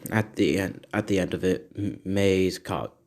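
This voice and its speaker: A man's voice: sits low, unhurried, darkish tone, slight background noise. A young man improvising a fan story, rambling and correcting himself as he goes.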